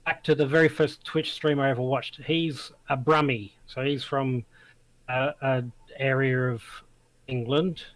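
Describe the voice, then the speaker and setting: An Australian man with a voice of middling pitch, chatting as a guest on a stream. He speaks plainly and sometimes stumbles at the start of a thought, and the sound is dry. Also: fairly even intonation, measured pace, no room sound, low-quality recording. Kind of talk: casual chat.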